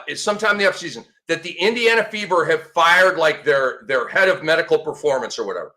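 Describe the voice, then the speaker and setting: A man in his fifties hosting a sports show, talking in a sarcastic, excitable way and breaking into mock shouts. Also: high-pitched. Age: 50s. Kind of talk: animated sports commentary.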